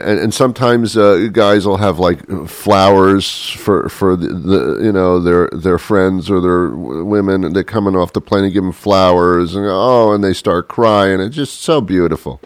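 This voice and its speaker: Deep-voiced male host, rambling comic monologue, chuckly, dry close sound. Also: unhurried, no room sound. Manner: chuckling, self-interrupting, animated impressions.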